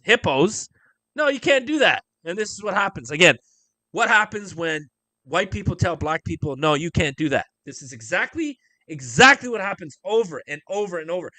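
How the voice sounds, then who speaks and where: A man hosting a live stream, ranting over clips with heavy swearing and rhetorical questions. His pitch sits a little high and swings widely. The tone is bright and cutting, and the recording is dry and close. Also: no room sound. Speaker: livestream host.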